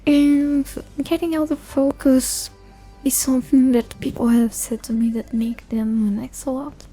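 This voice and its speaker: A young woman soft-speaking for an ASMR video, rambling in a relaxed way, losing her focus and mocking herself, sometimes dropping into a whisper. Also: sits high, a little slow, slightly rough, soft background music. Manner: rambling and self-deprecating, loses focus; soft-spoken with bits of whisper. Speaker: ASMR creator. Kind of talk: soft-spoken ASMR chat.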